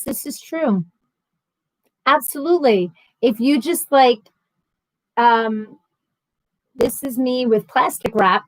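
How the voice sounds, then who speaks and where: A woman's voice: fairly high pitch, no echo, low-quality recording. Chatty woman host, close dry mic. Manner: chatty, rambling, frequent ums and self-corrections. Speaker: livestream host. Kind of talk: casual live chat reading viewer comments.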